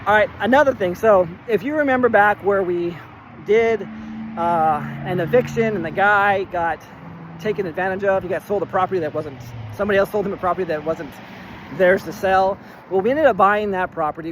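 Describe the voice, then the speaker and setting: A man in a casual vlog, retelling a phone argument in an animated, exasperated way and acting out both sides of the dialogue. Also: high voice, a little fast, slight background noise, rough recording. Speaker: real estate investor.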